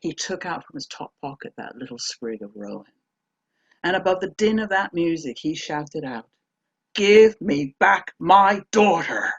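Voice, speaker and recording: Woman storyteller, folk tale, hushed to emphatic, slightly husky, dull lo-fi recording. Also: deep voice, animated, moderate pace, no room sound. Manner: dramatic, shifting between hushed and emphatic.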